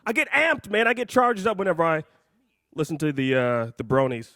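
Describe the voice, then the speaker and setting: A man hosting a live call-in show, out of breath, talking in a hyped, jokey, rambling way that swings between loud and soft. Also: fairly high pitch, very animated, fairly quick, dry recording, studio quality.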